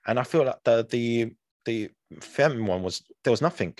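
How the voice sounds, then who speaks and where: A man's voice: medium pitch, animated, moderate pace, no room sound. A young man co-hosting a podcast in casual chat, rambling with lots of fillers and restarts. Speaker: podcast co-host.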